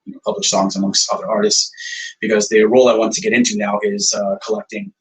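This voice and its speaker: Speaking quickly in a low-ish voice, a male songwriter-producer spins animated interview anecdotes, performing the quoted lines and leaning on frequent fillers. The low-quality recording was made from a distance.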